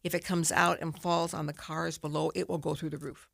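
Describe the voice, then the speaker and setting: A woman's voice: low voice, level tone, a little fast, gravelly, no echo, studio quality. An older woman, a guest author, telling a personal story in an interview and acting out her own past thoughts.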